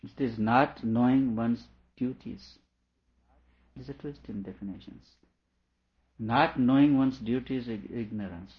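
A man teaching a lecture on a scripture, working through each point slowly and repeating himself to make it clear. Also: mid-range voice. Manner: deliberate, explains by repeating and rephrasing. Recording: dull lo-fi recording.

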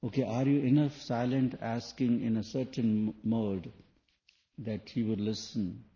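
Male spiritual teacher, dark and mellow, rhetorical questioning, lo-fi 1980s tape. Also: medium pitch, fairly even intonation, unhurried. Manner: rhetorical questions, non-native phrasing. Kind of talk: spoken sermon to an audience. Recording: dull lo-fi 1980s tape recording.

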